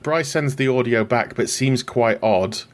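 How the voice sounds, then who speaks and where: A podcast host with a medium-pitched voice talks a little slowly as he recaps a film from his notes. He's casual and wry, chatting along and laughing at his own jokes.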